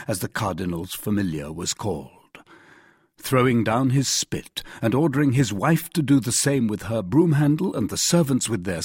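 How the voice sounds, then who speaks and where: Man, audiobook narrator, expressive, measured, husky tone, dry close sound. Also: lowish voice, dry recording. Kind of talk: classic novel audiobook narration.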